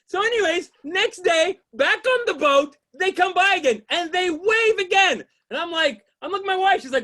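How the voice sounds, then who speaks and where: A man doing a stand-up comedy set, rambling through setups and shouting exasperated punchlines, often asking "you know what I mean?". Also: very high-pitched, lively intonation, fairly quick, few pauses.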